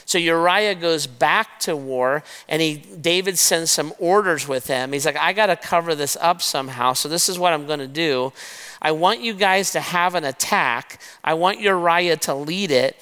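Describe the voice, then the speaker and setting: Bright, crisp male preacher in a hall. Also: on the high side, moderate pace. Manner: retells scripture as lively storytelling, addresses the crowd as guys. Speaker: pastor. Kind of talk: sermon. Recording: long reverb of a large hall.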